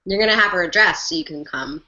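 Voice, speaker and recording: Woman, host, playful, sarcastic, bright voice, lo-fi call audio. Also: lowish voice, fast talker. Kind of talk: casual chat.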